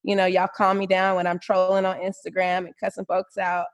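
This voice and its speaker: A woman's voice: lowish voice, monotone, brisk, highs cut off. A woman co-hosting a casual podcast chat, talking in an earnest, heartfelt way. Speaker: podcast co-host.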